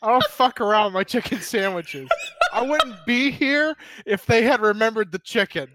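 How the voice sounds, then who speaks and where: A man's voice: high voice, lively intonation, moderate pace, very noisy. A man voicing a fed-up customer complaining bluntly to a manager. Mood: exasperated.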